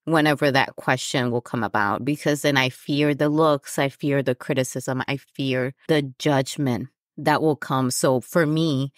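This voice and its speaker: A woman's voice: rumbling low, steady tone, measured pace, few pauses, no echo, clean studio sound. A woman hosting a personal podcast, talking candidly with frequent fillers and an occasional self-conscious laugh. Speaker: podcast host. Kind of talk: personal reflective podcast talk.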